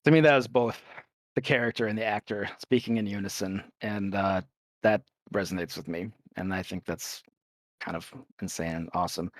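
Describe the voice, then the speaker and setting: A man's voice: fairly low pitch, steady tone, moderate pace, no echo. A young adult man co-hosting a casual podcast chat, talking with rambling enthusiasm and casual swearing. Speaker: podcast co-host.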